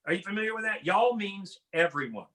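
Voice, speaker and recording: Middle-aged male stand-up comic, high-pitched and bright, animated impressions. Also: fairly quick, low-quality recording. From Washington State. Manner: animated, mimics voices and drawls. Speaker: stand-up comedian. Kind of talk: stand-up routine.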